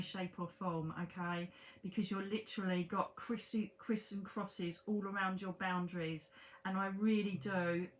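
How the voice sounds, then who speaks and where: A woman's voice: mid-range voice, slight background noise. A woman who works as a psychic medium, giving a chatty, emphatic reading straight to the listener, repeating words for stress, swearing casually and calling them darling. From Britain. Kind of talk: casual one-to-one reading to camera.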